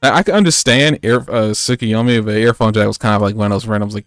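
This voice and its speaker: A man's voice: fairly low pitch, quick pace, no room sound, clean studio sound, faint music behind. A man co-hosting a podcast, recapping an anime episode in casual, rambling chat with lots of fillers and jokes. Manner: rambling, joking, many fillers. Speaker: podcast co-host.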